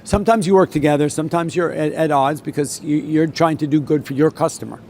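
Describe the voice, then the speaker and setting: A man's voice: on the high side, steady tone, quick pace, a little mellow, slight background noise. Rambling older New man. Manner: rambling, many restarts and repeats. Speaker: veteran floor trader. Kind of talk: solo talk with anecdote.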